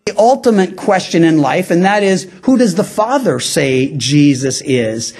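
A man's voice: sits high, big pitch swings, normal speed, hardly any pauses, darkish tone. Conversational male pastor teaching scripture. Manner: conversational, frequent "well" asides, acts out quoted lines. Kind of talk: expository Bible teaching sermon.

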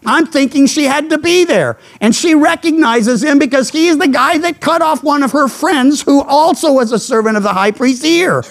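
A man pastor preaching a Bible sermon, earnest and emphatic, letting his phrases fall low at the end. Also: lively intonation, normal speed, hardly any pauses. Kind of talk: expository sermon.

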